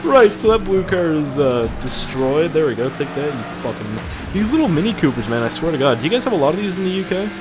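A young Canadian man with a Canadian accent giving casual let's-play commentary, excitable and profane, yelping and swearing while he plays. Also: a little high, fast talker. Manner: excitable and profane, yelps and swears at other cars. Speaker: gaming YouTuber. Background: game music and car engine sounds.

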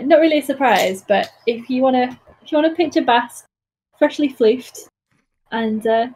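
Female player, somewhat high voice, gentle and descriptive. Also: husky, low-quality recording. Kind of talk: casual chat at a tabletop game.

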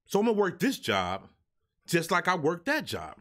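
Man hosting a live stream, going off, cussing, high voice that jumps all over. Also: huge pitch swings, normal speed, a bit bright. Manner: profane, exasperated, preachy. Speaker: live show host. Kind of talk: ranting live stream talk.

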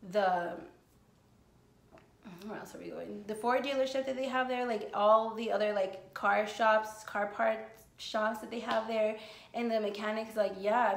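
A woman's voice: medium pitch, gravelly, reverberant. A woman from the United States telling a casual storytime vlog, rambling with lots of swearing and filler words. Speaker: vlogger.

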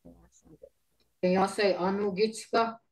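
A woman teaching an online language class over a video call, patiently repeating words slowly for her learners. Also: medium pitch, fairly even intonation, darkish tone, low-quality recording.

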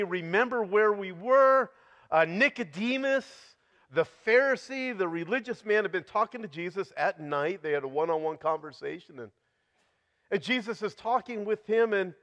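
A man's voice: fairly high pitch, fairly bright tone. A middle-aged male pastor preaching a sermon, telling a story in a chatty way with quoted voices.

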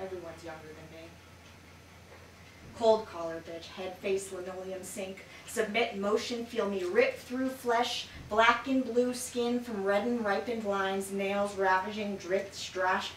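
A woman poet giving an expressive poetry reading in a bookshop, her loudness swinging dramatically between lines. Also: mid-range voice. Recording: roomy and distant with background noise.

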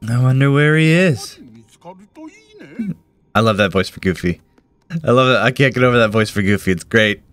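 A man's voice: medium pitch, moderate pace, pauses often, a bit bright. A young man gushing and exclaiming as a gaming YouTuber reacting to a trailer.

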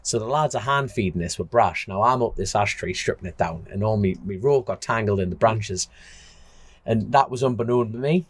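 A man with a low, husky voice spins a rambling anecdote in relaxed podcast chat. His delivery is blunt and informal, with slight roughness in the tone. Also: moderate pace, no echo. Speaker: podcast co-host. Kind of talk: casual chat, storytelling.

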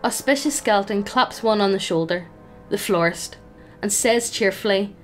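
A woman runs a tabletop game as game master, narrating the scene in a playful, amused way. Her voice sits at a middle pitch. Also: moderate pace, soft background music.

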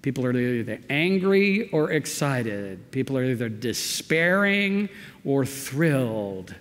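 A man preaching a verse-by-verse sermon as a pastor, talking conversationally and reading the text with emphatic, animated delivery. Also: medium pitch, slow pace. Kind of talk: expository sermon. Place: church sanctuary. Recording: long church reverb.

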